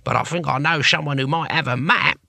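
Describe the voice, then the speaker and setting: A man voicing an eighty-seven-year-old toothless barbarian hero who grumbles slowly and moodily. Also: a little high, creaky, background noise. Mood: thoughtful. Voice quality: gummy, toothless mumble. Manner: slow, moody grumbling.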